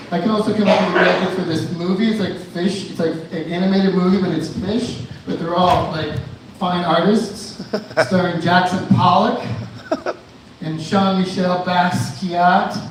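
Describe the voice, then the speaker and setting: Rambling stand-up comic in an echoey room. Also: male voice, sits high, steady tone, normal speed, a little hiss or hum. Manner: rambling, loose, with many fillers and restarts. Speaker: stand-up comedian. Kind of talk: live stand-up set. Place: indoor bar venue. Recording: echoey room, mic at a distance.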